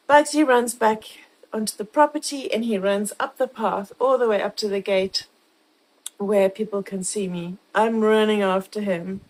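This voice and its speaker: A woman from South Africa, vlogging in a casual, animated way, swearing freely as she retells a chaotic comic mishap. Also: mid-range voice, rough recording. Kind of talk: casual storytelling to camera.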